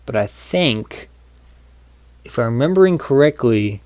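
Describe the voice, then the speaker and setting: A man's voice: medium pitch, lively intonation, unhurried, a little mellow, no room sound. A man hosting casual gameplay commentary who rambles through a story, with many fillers and restarts. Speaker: channel host.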